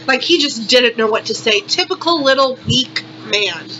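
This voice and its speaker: A woman's voice: a little high, a little slow, pushed and bright, lo-fi sound, slight background noise. A young woman vlogger performing a satirical monologue in exaggerated, repetitive, melodramatic outrage.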